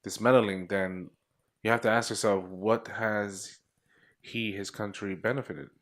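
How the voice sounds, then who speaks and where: Low-voiced, rambling man. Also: steady tone, measured pace, a bit bright. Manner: rambling, hedging with "you know". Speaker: podcast co-host. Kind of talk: casual political chat.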